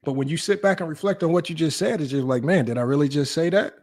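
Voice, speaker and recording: A man's voice: fairly high pitch, a little mellow. Brash teasing livestream host, a man. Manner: brash, rapid, teasing, talks straight to chat. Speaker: sports debate livestream host. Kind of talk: casual live-stream commentary.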